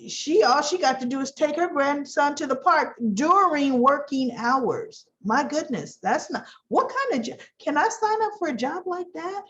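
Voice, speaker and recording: A woman casually recapping a soap opera and acting out the characters' quoted lines with shifts of pitch. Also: animated, normal speed, few pauses, fairly bright tone. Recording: dull lo-fi recording.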